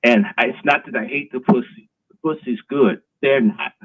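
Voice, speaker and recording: A man's voice: medium pitch, normal speed, slightly rough. A man hosting a live stream, delivering an emphatic, preachy, provocative monologue. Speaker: host. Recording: tinny phone-like line.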